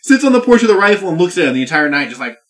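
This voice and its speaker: A man co-hosting a podcast in casual chat, excitedly retelling a movie, swearing and acting out lines in voices. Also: high-pitched, racing. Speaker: podcast co-host.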